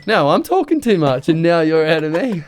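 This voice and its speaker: A man's voice: on the high side, big pitch swings, a little fast. A young Australian man hosting a podcast, chatting casually with laid-back surfer slang and swearing. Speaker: podcast host. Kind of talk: casual chat.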